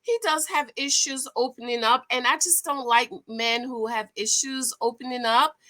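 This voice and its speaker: Female vlogger, casual recap chat, slightly high, bright tone; effusive, rambling, self-correcting. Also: moderate pace.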